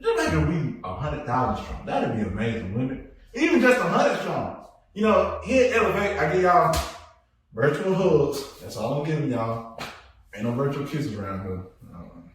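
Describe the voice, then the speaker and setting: Guy hosting a podcast, lively jokey talk, lots of laughing, slangy, sounds far off in a really echoey room. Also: on the high side, moderate pace. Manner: animated, joking, laughs often, slangy. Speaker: podcast host. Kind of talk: casual chat. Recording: echoey room, far from mic, faint noise.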